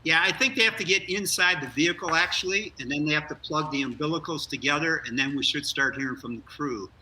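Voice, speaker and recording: Older male guest, earnest and energetic, bright forceful tone, heard from a distance over a remote link. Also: a little high, fast talker, a little hiss or hum. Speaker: former astronaut guest. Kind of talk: live news interview.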